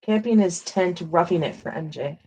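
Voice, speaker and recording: A woman's voice: fairly low pitch, moderate pace, warm tone, breathy edge, muffled recording. A woman co-hosting a live stream in casual chat, reading viewer comments aloud and giving short replies.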